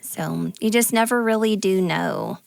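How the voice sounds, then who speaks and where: A woman's voice: medium pitch, measured pace, creaky, a little mellow, no echo. A woman co-hosting a podcast, telling personal stories in a casual, chatty way with many fillers. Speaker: podcast co-host. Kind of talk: casual conversation.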